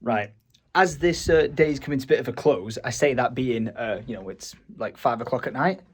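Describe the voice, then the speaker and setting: In a relaxed vlog, a young man with a Northern English accent jokes around and laughs frequently. His mid-range voice is slightly rough and moves at a normal pace.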